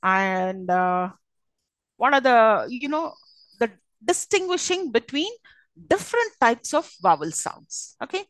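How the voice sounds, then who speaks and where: A woman's voice: a little high, big pitch swings, slow pace, a bit bright, no room sound, poor audio. A woman with an Indian English accent giving a university lecture on phonetics, with many fillers and frequent checking questions to the class.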